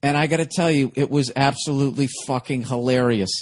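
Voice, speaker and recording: A man's voice: mid-range voice, fairly quick, darkish tone. A middle-aged man, a comedian hosting his own podcast, telling a story in a casual, rambling monologue full of profanity.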